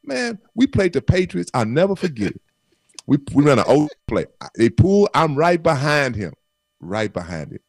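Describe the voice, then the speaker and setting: A man telling football stories as a radio guest, acting out quoted voices with laughter and bursts of shouting. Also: on the high side, moderate pace, dry recording, studio quality. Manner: animated storyteller, acts out quotes with laughs. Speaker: guest, former football player. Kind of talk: casual storytelling on radio call-in.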